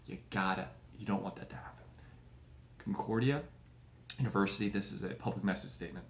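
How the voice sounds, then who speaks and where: A man hosting a show and delivering a profane comedic rant, animated and full of mock voices. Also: sits low, a little fast, long pauses. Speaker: show host. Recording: echoey room.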